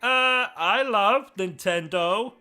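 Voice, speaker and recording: Meek hesitant male sidekick, put on by a man, high and unhurried. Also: bright, forceful tone, smooth, soft background music, exaggerated voice. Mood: timid.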